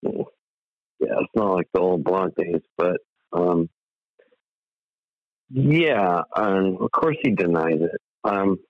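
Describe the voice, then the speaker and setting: A man calling in to a talk show, rambling and halting, swearing as he rants. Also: deep voice, expressive, dry recording, muffled recording. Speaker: caller. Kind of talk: casual call-in talk.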